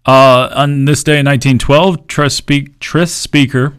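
A man's voice: medium pitch, steady tone, measured pace, a bit bright, clean tone. A man hosting a casual sports talk show, cracking dry jokes and reading trivia. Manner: joking, dry, reads out dates and trivia. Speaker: host.

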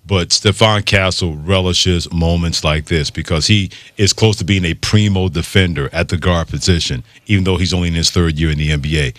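Deep-voiced male sports radio host. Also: fairly quick, hardly any pauses, fairly bright tone, no room sound. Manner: firm, emphatic, with ready agreement.

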